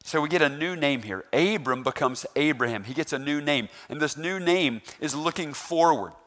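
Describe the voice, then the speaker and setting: A man preaching a sermon, animated, rising loud on emphasis and asking the congregation questions. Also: a little high, moderate pace. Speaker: pastor.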